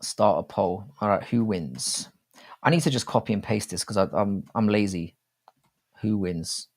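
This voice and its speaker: Rambling, swearing streamer. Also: male voice, lowish voice, normal speed. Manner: rambling, swears freely, restarts often. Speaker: live stream host. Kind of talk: casual live chat.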